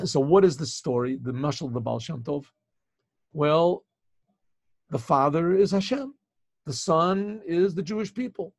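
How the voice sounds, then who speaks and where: Gravelly-voiced rabbi telling a story. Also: male voice, a little high, unhurried, pauses often, dry recording. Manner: animated, restarts and repeats phrases. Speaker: rabbi and teacher. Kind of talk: storytelling talk. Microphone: video call.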